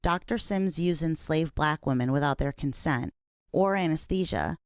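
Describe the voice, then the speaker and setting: A woman host reading scripted documentary narration in a measured, serious way. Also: sits low, no room sound, studio quality.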